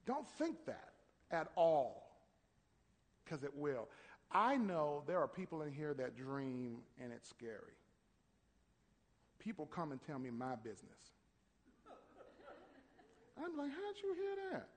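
A male pastor preaching a sermon in church, driving his points with rising, shouted emphasis and call-and-response. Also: medium pitch, lively intonation, measured pace, pauses often. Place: church sanctuary. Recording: long hall reverb.

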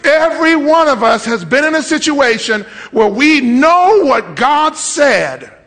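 A male pastor delivers a sermon in a high voice that swings with lively pitch. He speaks slowly and with humor, repeating key phrases for emphasis.

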